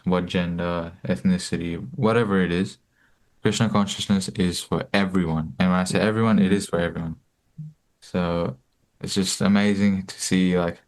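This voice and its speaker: A young man in his late teens telling a personal story casually, with many fillers and restarts. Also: low voice. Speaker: guest, book distributor.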